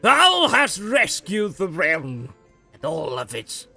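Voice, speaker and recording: A stately royal figure , put on by a man reading a game aloud speaks in slow, ceremonious, old-fashioned phrases. Each word is drawn out with grand formality. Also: high-pitched, wildly swooping pitch, vocal fry, bright, forceful tone, faint music behind, exaggerated voice.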